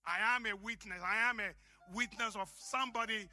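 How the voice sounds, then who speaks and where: A man with an African accent, preaching a sermon as pastor, impassioned and shouting for emphasis. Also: sits high, steady tone, fairly quick.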